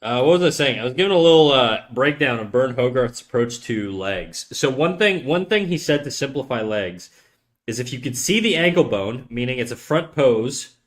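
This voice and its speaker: A man talks to his viewers as he draws, in a loose and rambling way. He jokes around, restarts his sentences and wanders between drawing tips and asides. His voice sits at an ordinary middle pitch. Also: animated, moderate pace. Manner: rambling, self-interrupting, jokey. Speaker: streamer giving drawing tips. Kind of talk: casual livestream chat while drawing.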